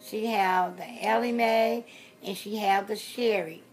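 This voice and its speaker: A woman's voice: medium pitch, fairly even intonation, a little slow, darkish tone, a little hiss or hum. Chatty woman in her sixties, rambling. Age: 60s. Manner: chatty, repeats herself, trails off with fillers. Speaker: reborn doll collector vlogger. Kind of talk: casual rambling vlog talk.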